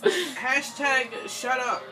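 A woman's voice: sits high, extremely slow, bright, forceful tone, soft background music, low-quality recording. A woman in the room teasing a friend and impatiently urging her to move on. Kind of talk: casual teasing banter.

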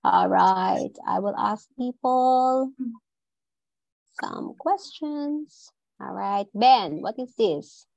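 A woman teaching English online, slowly modelling sounds and words for her class to repeat. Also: mid-range voice, expressive, darkish tone, no echo, lo-fi sound. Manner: slow, clearly modelling each sound and word for repetition. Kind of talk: online pronunciation drill.

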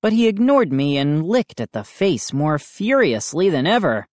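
A woman reading a spooky children's storybook aloud with expressive, dramatic narration. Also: low voice, normal speed, no echo. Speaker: audiobook reader.

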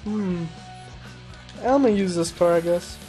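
A man's voice: high voice, a little slow, poor audio. A young man rambling casually while commentating his racing game playthrough, joking about himself and exclaiming at the action. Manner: rambling, self-mocking, easily excited exclamations. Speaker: gameplay commentator. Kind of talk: casual let's-play commentary. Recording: game music and engine noise behind. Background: racing game music and car sounds.

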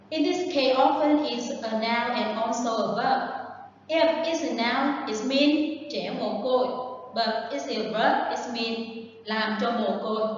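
A woman whose first language is Vietnamese, teaching an online English lesson, explaining words carefully and giving model sentences, recorded from a distance in an echoey room on low-fidelity audio. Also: muffled recording, slight background noise.

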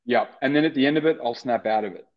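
An Australian actor in casual interview chat, rambling with many restarts and fillers. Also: male voice, medium pitch, quick pace, lo-fi sound. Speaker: actor guest.

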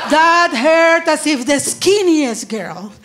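A woman from Nicaragua performing live stand-up comedy, animated, shouting protest chants and laughing through her punchlines. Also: high-pitched, slow pace, music in the background. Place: comedy stage before a laughing audience.

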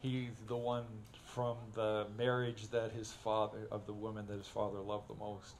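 A man preaching a sermon, telling stories in a folksy way and getting animated when he acts them out. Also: lowish voice, moderate pace, vocal fry. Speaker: pastor. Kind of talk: sermon with humorous storytelling. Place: church sanctuary.

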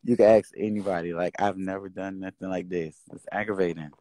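A man's voice: low-pitched, steady tone, a little fast, few pauses, warm tone, no room sound. A man venting and swearing on a casual livestream. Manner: venting, exasperated, swears freely. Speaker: social media host. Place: indoors, livestream.

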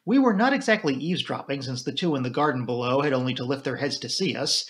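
A man narrating a classic mystery novel in a measured storybook reading. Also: mid-range voice, lively intonation, a bit bright. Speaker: audiobook reader. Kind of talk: scripted narration.

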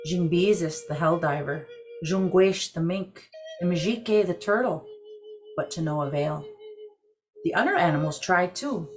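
A woman narrates a traditional creation story in a measured, deliberate way. Her voice sits somewhat low. Faint music plays softly beneath her. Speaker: program director telling a legend.

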